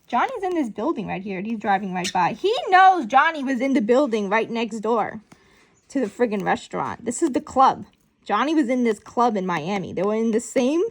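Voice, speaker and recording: A woman casually recapping and commenting on a comic book from home, chatty and animated with lots of fillers. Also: a little high, breathy edge. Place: home room with a pet bird.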